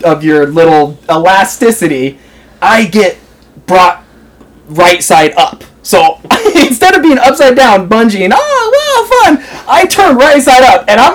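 A man's voice: high-pitched, a little hiss or hum. A young American man telling a story in casual chat, rambling with lots of fillers and laughing as he goes. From United States. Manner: rambling, filler-heavy, laughs through stories.

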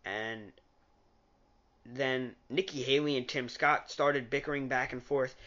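A man's voice: mid-range voice, steady tone, measured pace, pushed and bright, dull audio. A man giving a casual, opinionated recap of a political debate, rambling and often correcting himself mid-sentence. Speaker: political commentator.

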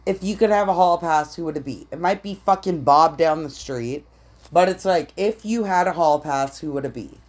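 A woman co-hosting a podcast, chatting casually in a brash, profane way with loud laughs. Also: sits low, moderate pace. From Canada. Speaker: podcast co-host. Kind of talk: casual chat.

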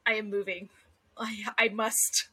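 A young woman co-hosting a casual podcast chat, animated and teasing, laughing often. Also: mid-range voice, unhurried, slightly rough. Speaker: podcast co-host.

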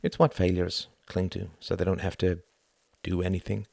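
A man reading as a grave, quiet ambassador. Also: sits low, level tone, normal speed, gravelly, no echo. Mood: sorrowful. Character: older male British ambassador, sorrowful, reflective.

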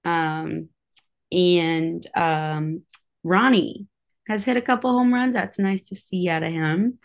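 A woman guest in a relaxed podcast conversation, speaking in a slightly low voice. She strings her thoughts together loosely, leaning on "like" and "um" as fillers. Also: takes it slowly, creaky. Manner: chatty, filler-heavy with frequent "like" and "um". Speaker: cheerleader for a pro basketball team. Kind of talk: casual podcast chat.

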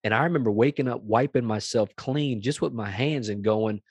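A man's voice: mid-range voice, a little fast, breathy edge, no room sound. A man, a pastor, giving a passionate testimony in an interview, emphatic and repeating phrases. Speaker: pastor and executive director, guest.

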